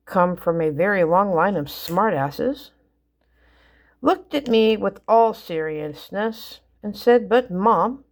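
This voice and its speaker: Slow, low-voiced mom telling stories. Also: female voice. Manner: rambling, with many fillers and restarts. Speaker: mother telling family stories. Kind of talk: casual storytelling.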